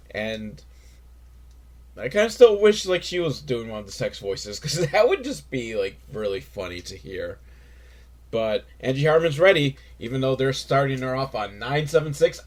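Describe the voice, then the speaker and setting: A man hosting a comedic recap of a TV episode, talking in a wry, rambling way with lots of filler words. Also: medium pitch. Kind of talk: casual comedic commentary.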